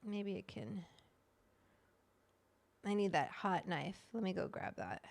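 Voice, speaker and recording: Gravelly-voiced woman hosting a casual livestream. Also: on the low side, moderate pace, pauses often, darkish tone. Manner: chatty, swears freely, greets viewers by name. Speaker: livestream host.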